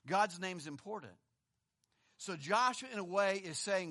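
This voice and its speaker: A man's voice: high-pitched, expressive, a little slow. A man preaching a sermon in a conversational way, asking rhetorical questions, chuckling, and reading scripture aloud. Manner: reads scripture aloud, swings between emphatic and hushed. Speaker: pastor.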